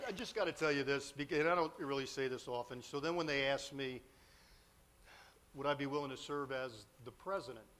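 A man's voice: medium pitch, fairly bright tone, slight background noise. A man preaching a storytelling sermon, confessional and emotional, with self-deprecating humor.

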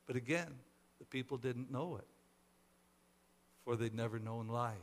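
A man's voice: medium pitch, measured pace, pauses often. A man preaching a sermon, telling a parable and acting out its voices. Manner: acts out the characters' voices in a parable. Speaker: pastor. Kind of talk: sermon storytelling.

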